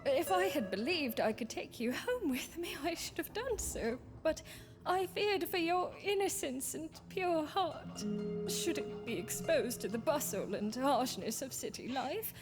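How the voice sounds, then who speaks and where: A quietly menacing, possessive old friend, acted by a woman in a visual novel, speaking formal, old-fashioned lines at an unhurried pace. Her words keep dropping into hushed, unvoiced whispers. A game soundtrack plays clearly behind her. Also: medium pitch, animated. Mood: pleading. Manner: formal, archaic phrasing, slipping into whispers. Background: game soundtrack music.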